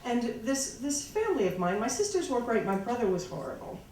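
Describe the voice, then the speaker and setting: A woman telling a personal story live on stage, halting with restarts and wry, laughing asides. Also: on the high side, sing-song, darkish tone, a little hiss or hum. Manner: halting, many restarts and fillers. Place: small live venue. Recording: echoey, far-off room mic.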